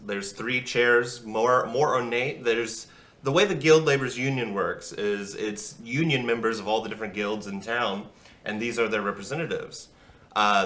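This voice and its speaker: Animated male game master, bright tone. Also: lowish voice. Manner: lively, animated storytelling. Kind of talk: narrating a tabletop game.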